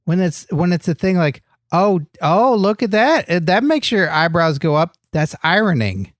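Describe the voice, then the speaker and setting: A man's voice: high voice, big pitch swings, moderate pace, dry recording, studio quality. A man voicing a dim, earnest male wrestler sidekick on a comedy podcast, cheerful and naive. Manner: cheerful, naive, doing sponsor reads. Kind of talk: improvised comedy podcast banter.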